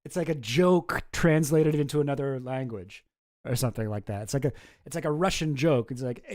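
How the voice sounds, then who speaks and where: A man's voice: mid-range voice, a little fast, a little mellow, no echo, clean studio sound. A man hosting a stream, reacting to clips with rambling, profane, sarcastic chat. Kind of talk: casual chat.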